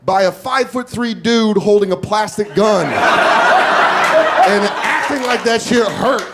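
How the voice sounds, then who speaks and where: Animated high-voiced male comedian. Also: takes it slowly, heavy background noise. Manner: animated, profane, self-mocking. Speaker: stand-up comedian. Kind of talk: stand-up storytelling.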